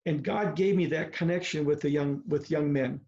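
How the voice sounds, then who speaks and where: Older man, seventies, retired coach, folksy storytelling, slightly high voice, muffled video call sound. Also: darkish tone. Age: 70s. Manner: folksy, storytelling, slow and deliberate. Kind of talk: reflective talk on a video call.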